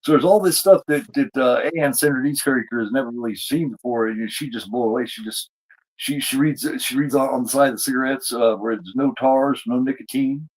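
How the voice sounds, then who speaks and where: A man's voice: medium pitch, a little fast, a little mellow, poor audio. A man casually recapping a TV episode as a podcast co-host, rambling with lots of fillers and restarts.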